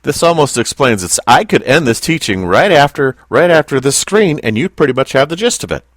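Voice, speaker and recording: A man leads a Bible lesson with a lively, rising and falling voice. He speaks slowly and deliberately and often stops to ask his listeners questions. The sound is dry and close, with no room echo. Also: medium pitch. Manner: slow, deliberate, asks the class questions. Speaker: Bible teacher. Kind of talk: Bible teaching to a small group.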